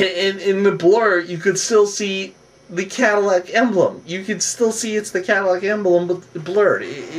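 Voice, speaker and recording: A man casually recapping a reality TV episode, rambling and animated, acting out what the cast said. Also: high voice, recorded from a distance. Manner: rambling, animated, acts out cast members' lines.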